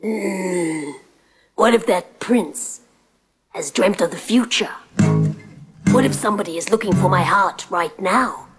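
A woman's voice: mid-range voice, measured pace, long pauses, lightly acted. A woman voicing a blustering male giant magician who snaps back indignantly, in a storybook telling over guitar music. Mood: brooding. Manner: indignant, exclaiming, shouting back. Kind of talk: storybook voice acting.

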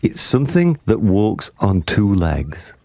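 A man voicing a greedy, sly enormous crocodile in a slow gloating drawl. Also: on the low side, big pitch swings, warm tone, dry recording.

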